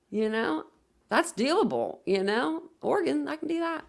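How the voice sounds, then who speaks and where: High-pitched and animated with vocal fry, a woman hosts a casual livestream at normal speed. She chats and rambles through viewer comments, reading them aloud with lots of fillers and self-corrections.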